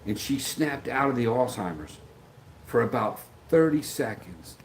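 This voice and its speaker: The recording is low quality, with slight background noise, and the middle-aged man on this livestream has a mid-range voice with vocal fry. Animated but unhurried, he reads out viewer comments and answers them loosely and ramblingly. He sometimes loses his thread and voices the people he quotes.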